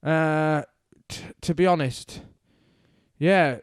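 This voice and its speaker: A man's voice: fairly high pitch, slow pace, smooth, no room sound, studio quality. A man co-hosting a podcast, chatting casually and telling rambling stories full of tag questions. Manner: banter-filled, rambling storytelling with tag questions. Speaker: podcast co-host. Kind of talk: casual chat.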